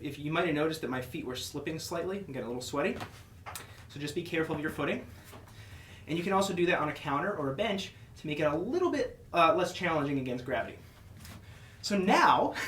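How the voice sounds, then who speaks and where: A man's voice: fairly high pitch, a bit bright, echoey room, distant mic, a little hiss or hum. A man coaching a follow-along workout with short, encouraging cues, out of breath as he exercises along. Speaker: fitness instructor.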